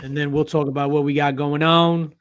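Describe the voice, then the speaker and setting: A man's voice: on the high side, level tone, a little fast, clean tone, dry recording, clean studio sound. A tired man hosting a casual panel chat, joking around, swearing freely and laughing a lot. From half Italian, half Puerto Rican. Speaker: podcast host.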